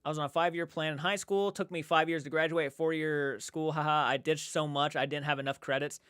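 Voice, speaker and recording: A man's voice: a little high, fairly even intonation, fairly quick, fairly bright tone, clean tone, no echo, studio quality. A man livestreaming from home, chatting casually and rambling, repeating himself and reading chat aloud. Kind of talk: casual live-stream chat.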